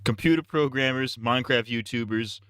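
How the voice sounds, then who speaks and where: A man's voice: mid-range voice, moderate pace, a bit bright, smooth, dry recording. A man hosting a stream, cracking crude, sardonic jokes in casual chat close to a desk mic. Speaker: streamer host.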